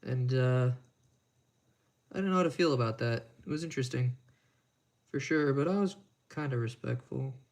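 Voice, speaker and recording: Livestreamer fixing watches, a man with crude self-mocking humor and a gravelly edge. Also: mid-range voice, moderate pace, long pauses, a little mellow. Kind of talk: casual live-stream chat while working.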